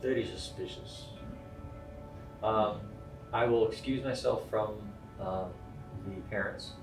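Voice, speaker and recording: A man playing a tabletop game, talking in a relaxed, hesitant way. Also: on the low side, takes it slowly. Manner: relaxed, hesitant, many fillers. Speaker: player. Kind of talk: casual tabletop game play. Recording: roomy distant mic, faint music.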